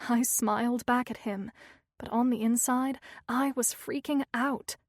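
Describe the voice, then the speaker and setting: Reading a thriller audiobook, a woman narrates in an even, measured way with a slightly high voice. The recording is dry and close-miked, with no room sound and no echo.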